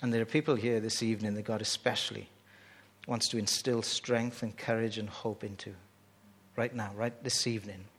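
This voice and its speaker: A man preaching a sermon in an animated way, often restarting phrases as he builds excitement. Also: fairly low pitch, moderate pace, slightly rough.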